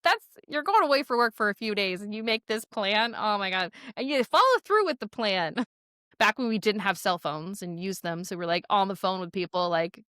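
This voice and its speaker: A woman's voice: medium pitch, lively intonation, normal speed, pushed and bright, dry recording, clean studio sound. A woman in her forties, a podcast guest telling a story casually and animatedly, full of "like" fillers.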